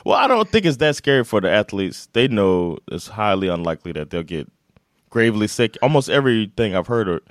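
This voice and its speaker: A man's voice: on the low side, very animated, fairly quick, no room sound, studio quality. A man co-hosting a podcast in casual chat, joking and laughing a lot, blunt in his opinions. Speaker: podcast co-host.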